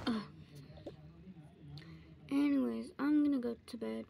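A woman voicing a whole family in a casual role-play, full of excited exclamations and squabbling. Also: high voice, vocal fry. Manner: quick back-and-forth of excited exclamations and squabbling. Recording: noisy home recording.

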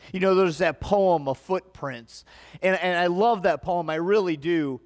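Speaking in a high voice at a measured pace, a Midwestern American pastor gives an earnest, conversational sermon that builds into emphatic passages. The church sanctuary wraps his words in a long hall reverb.

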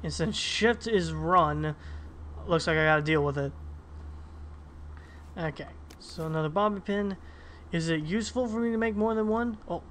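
A man's voice: high voice, moderate pace, pauses often, a bit bright, slight background noise. A man playing a game and chatting casually, reading in-game notes aloud and reacting to them. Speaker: let's-play gamer.

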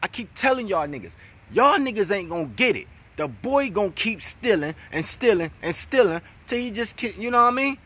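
Husky, animated New York man ranting. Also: a little fast. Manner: mocking, profane and animated, swings between loud jabs and low mutters. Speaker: battle rap commentator. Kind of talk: trash-talking vlog rant.

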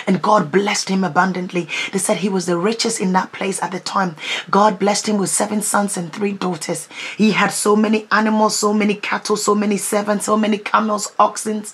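A woman's voice: mid-range voice, breathy edge. A woman preacher delivering a fervent prayer-marathon sermon with repeated declarations. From United Kingdom. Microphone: livestream.

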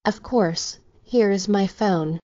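A woman voicing a protective, possessive young man in an audiobook, calm and assured. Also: medium pitch, takes it slowly, no echo, lightly acted. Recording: slightly dull, dry recording.

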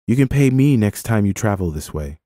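A man with a deep voice voicing a young peasant woman who is skeptical yet kind and speaks politely, in an audiobook. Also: animated, brisk, warm tone, no room sound, clean studio sound, lightly acted. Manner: polite, guarded speech. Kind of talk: audiobook character voice.

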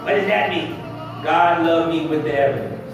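A man preaching a lively, plain-spoken sermon in a church, slangy and teasing with his congregation. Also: on the high side, normal speed, muffled recording, music in the background. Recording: very echoey hall, mic far off.

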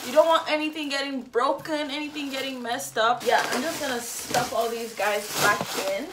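A young woman excitedly unboxing makeup at home, gasping and gushing as she goes. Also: high voice, normal speed, heavy background noise. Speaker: beauty vlogger.

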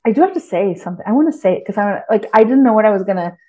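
A woman in her forties from Texas, a guest writer talking in a lively, rambling way full of restarts. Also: mid-range voice, very fast, dull audio. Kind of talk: casual interview chat.

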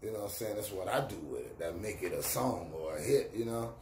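This middle-aged rapper talks a little fast and sounds animated, his voice low with a darkish color. He's casually telling career stories in street slang, voicing the people he quotes. Faint background noise and echo fill the room.

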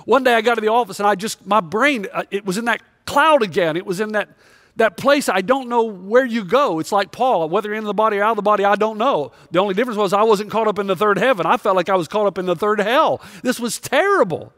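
A man's voice: high voice, quick pace, fairly bright tone, no room sound, studio quality. A male pastor preaching a sermon with impassioned, confessional storytelling.

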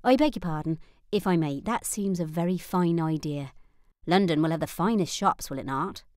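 A woman's voice: fairly low pitch, normal speed, a little mellow, no echo, clean studio sound, natural voice. A woman voicing a deferential young maid in an audiobook, speaking politely and a little hesitantly.

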